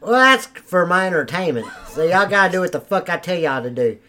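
A man's voice: high-pitched, very animated, fairly quick, bright, forceful tone. A man in crude improvised role-play banter, swearing constantly and flaring into angry outbursts. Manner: profane, hot-tempered outbursts.

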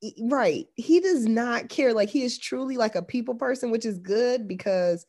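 A woman's voice: a little high, moderate pace, a little mellow. A woman co-hosting a casual chat, talking loosely with lots of filler words as she recaps a story. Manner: chatty, lots of "like" and "yep" fillers.

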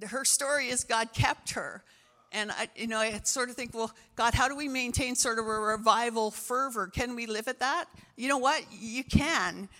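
Bright-voiced woman pastor preaching. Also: fairly high pitch, in a large hall. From Canada. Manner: enthusiastic, storytelling, fillers like "you know". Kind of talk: sermon.

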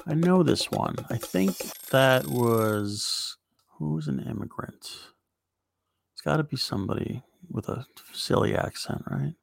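A man's voice: mid-range voice, expressive, unhurried, creaky, faint music behind. A male comedian from New York City, joking around as a podcast guest and stumbling through guesses.

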